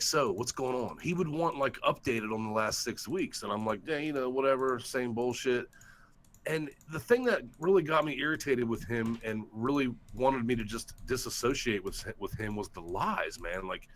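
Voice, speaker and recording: A man's voice: mid-range voice, fairly bright tone. A man talking casually on a livestream call-in show, telling a story bluntly and with a lot of swearing. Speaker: guest YouTuber. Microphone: headset or desktop mic on call-in.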